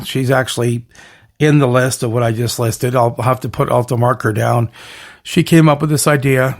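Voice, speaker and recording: Rambling, hyped-up male podcast host. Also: mid-range voice. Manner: rambling, energetic hype with catchphrase lists. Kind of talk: casual podcast monologue.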